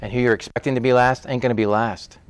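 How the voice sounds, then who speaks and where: A man's voice: mid-range voice, fairly even intonation, quick pace, smooth, no echo. A middle-aged man preaching a conversational sermon, acting out the voices of people in his stories. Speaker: pastor.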